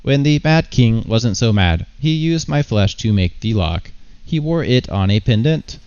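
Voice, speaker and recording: A man voicing an ancient bodiless being, speaking slowly, haughty and cryptic. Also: medium pitch, animated, a little mellow, smooth, no room sound, highs cut off.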